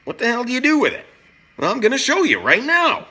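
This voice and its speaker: A middle-aged man hosting a joking, casual cooking vlog, swinging between loud and soft. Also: very high voice, huge pitch swings, quick pace, breathy edge. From Canada. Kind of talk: casual talk to camera.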